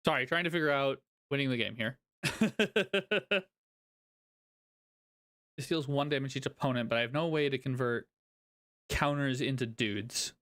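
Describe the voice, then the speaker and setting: A man talks through his card game play as he goes, thinking aloud and counting cards out loud, with a laugh slipping in often. His voice is smooth and clear, sitting at an ordinary pitch for a man. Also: unhurried, long pauses. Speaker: card game content creator. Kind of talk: casual gameplay commentary.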